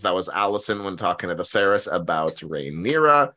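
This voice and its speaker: A man's voice: lowish voice, lively intonation, fairly quick, hardly any pauses, bright, forceful tone, a little hiss or hum. A man hosting a casual podcast chat, joking and laughing often as he moves the talk along. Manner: jokey, laughs often, leads the segments. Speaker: podcast host.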